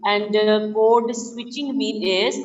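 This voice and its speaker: A woman's voice: medium pitch, steady tone, slow pace, lo-fi sound. A woman, a student answering her teacher hesitantly with many fillers.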